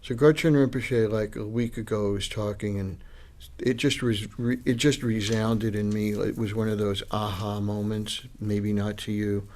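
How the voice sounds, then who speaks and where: A man leading a Dharma class in a fairly low voice. He teaches as a Buddhist lama in a loose, conversational way. He acts out the voices he quotes. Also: fairly even intonation, moderate pace, darkish tone. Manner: informal and chatty, acting out quoted voices. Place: meditation class with students.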